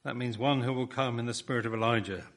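A man's voice: mid-range voice, steady tone, quick pace. A man preaching a sermon, building his points with rhetorical questions and emphatic repetition.

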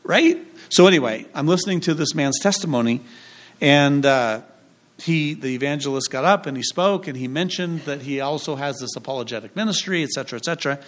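A man's voice: mid-range voice, fairly quick. A man preaching a sermon as pastor, in a conversational way with jokes and rhetorical questions.

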